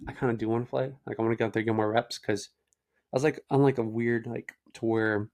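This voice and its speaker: A young man rambles through sports stories to his camera in a relaxed, slangy way. He leans on "like" and "dude" as he talks. His pitch sits right in the usual middle range for a man. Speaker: host. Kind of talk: casual storytelling to camera.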